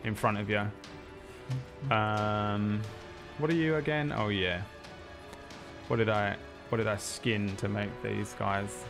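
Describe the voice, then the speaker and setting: A man's voice: lowish voice, steady tone, takes it slowly, long pauses, music in the background. A man, narrating a tabletop game as game master in a rambling, joking way with many fillers.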